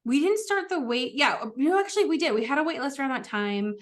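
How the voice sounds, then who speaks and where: A woman coach in a casual podcast interview, telling lively stories, swearing now and then and calling her listeners y'all. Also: high voice, quick pace. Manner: animated storyteller, swears, addresses listeners as y'all. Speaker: life coach guest.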